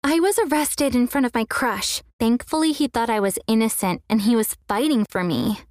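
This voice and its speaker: A woman's voice: fairly high pitch, normal speed, dry recording. A young woman reading a scripted first-person story in an earnest way, now and then acting out the quoted lines.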